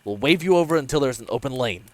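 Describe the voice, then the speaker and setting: A man doing a brisk, commanding police officer. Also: medium pitch, lively intonation, voice pushed up, close to an everyday voice. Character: hurried, firm male police officer at a crash.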